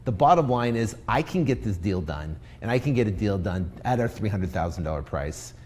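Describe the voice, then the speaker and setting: A man's voice: lowish voice, fairly quick. Man coaching real estate sales live. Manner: energetic, role-plays sales scripts to a seller; repeats himself, many fillers and restarts. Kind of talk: Facebook Live teaching.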